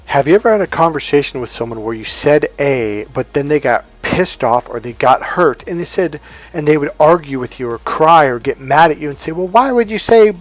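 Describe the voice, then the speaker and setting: Animated male relationship coach. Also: on the high side, fairly quick. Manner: animated, acts out both sides of dialogues; frequent restarts and self-corrections. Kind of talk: casual teaching monologue.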